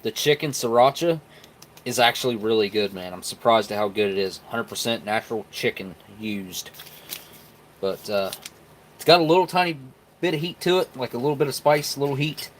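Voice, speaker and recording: Brief: male stream host, mid-pitched, relaxed folksy chatter, talks straight to viewers. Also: brisk, slight background noise. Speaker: live stream host reviewing military rations. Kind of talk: casual live-stream chat.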